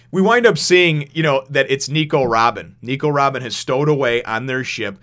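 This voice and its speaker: This man, a manga chapter reviewer, gives an informal spoken review at normal speed with few pauses, his mid-range voice carrying a fairly bright tone. He rambles with plenty of fillers and restarts, laughing as he describes scenes.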